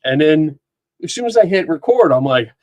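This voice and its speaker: A man's voice: on the high side, sing-song, normal speed, darkish tone, dry recording. A man hosting a live stream from a home studio, chatting casually and reading comments aloud, often laughing and rambling. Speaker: podcast host. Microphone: dynamic microphone.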